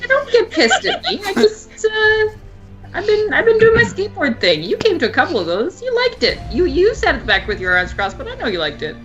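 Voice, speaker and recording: A woman's voice: extremely high pitch, wildly swooping pitch, a little fast, a bit bright, highs cut off, faint music behind, pitched above the performer's own voice, exaggerated voice. A woman voicing a young woman skateboarder and former motorcycle racer who talks in a breezy, teasing way.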